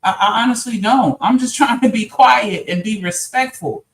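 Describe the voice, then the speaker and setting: A woman's voice: a little high, normal speed. A woman on a livestream, earnestly explaining herself in an apologetic way, often repeating her points. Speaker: stream guest. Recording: roomy echo.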